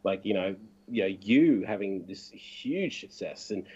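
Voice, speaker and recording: An earnest man with a husky, lowish voice speaks encouragingly on a live podcast. His audio sounds a little dull, and he fills his talk with "like" and "you know". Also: expressive, measured pace, darkish tone. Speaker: podcast co-host, vlogger. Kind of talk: casual live podcast chat.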